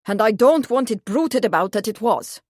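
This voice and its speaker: A woman's voice: mid-range voice, lively intonation, moderate pace, darkish tone, no room sound, close to an everyday voice. A portly royal prince with a guttural German accent, jovial and grand, as a woman puts him on. The recording is dry and close.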